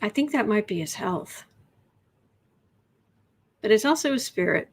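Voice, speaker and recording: A woman's voice: medium pitch, animated, a little slow, slight background noise. A woman doing a casual tarot reading on a livestream, chatty and rambling, sometimes dropping into whispered asides. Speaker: tarot reader.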